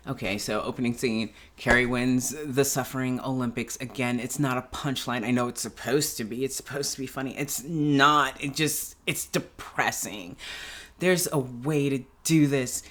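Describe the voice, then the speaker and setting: A woman giving a casual, animated reaction review of a TV episode, ranting in exasperation and laughing as she talks. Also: extremely low pitch, moderate pace. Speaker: show reviewer. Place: at home in pajamas.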